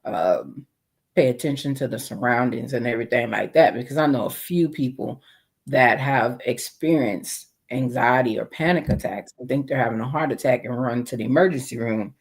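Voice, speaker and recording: A man co-hosting a podcast in casual chat, explaining things in a measured way with frequent fillers. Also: mid-range voice, slightly rough. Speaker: podcast co-host.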